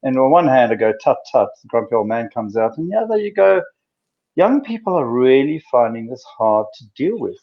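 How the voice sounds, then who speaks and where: A middle-aged man, a doctor co-hosting a casual chat, telling stories with animated bursts of emphasis. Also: mid-range voice, brisk. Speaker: doctor and co-host. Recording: dull lo-fi sound.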